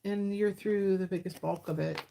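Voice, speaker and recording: A woman's voice: medium pitch, fairly even intonation, moderate pace, gravelly, dark tone. A woman doing a casual livestream tarot reading, chatty and given to laughing, her voice tired after hours of talking and reading to her chat. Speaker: tarot reader.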